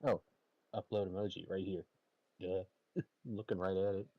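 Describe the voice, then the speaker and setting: Man, streamer, casual live chat, husky, giggly, dull lo-fi mic. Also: low voice, fairly even intonation, moderate pace. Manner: giggly, keeps laughing between remarks.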